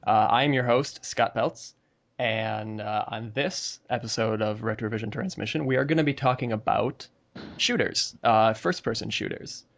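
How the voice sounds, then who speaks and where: A man's voice: on the low side, normal speed, gravelly, fairly bright tone. A man hosting a casual podcast chat, easygoing and hesitant, with many filler words. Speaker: podcast host.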